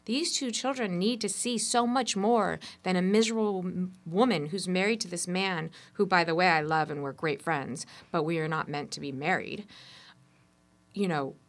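A woman guest in an interview, telling personal stories in an animated, expressive way. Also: lowish voice, normal speed. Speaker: entrepreneur guest.

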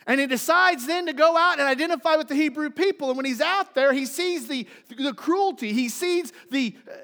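High-voiced pastor preaching in an echoey hall. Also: male voice. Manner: dramatic storytelling, swinging from loud emphasis to hushed intimacy. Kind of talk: sermon.

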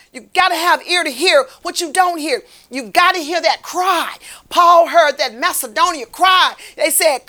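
A woman's voice: very high voice, bright, forceful tone. A woman delivering a fervent, repetitive street-preaching sermon as a lay minister.

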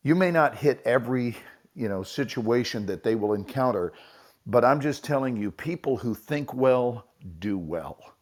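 A man's voice: medium pitch, lively intonation, normal speed. A man giving a motivational talk in a live audio chat, folksy and preachy with homely comparisons. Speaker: speaker in an audio room.

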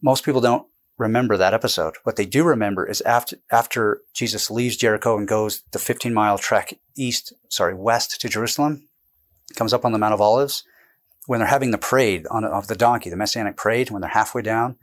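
A man being interviewed about his book, explaining at length in a casual, animated way, jumping between points and restarting sentences. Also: fairly low pitch. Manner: animated, digressive, quick bursts with restarts. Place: indoors with a camera close by.

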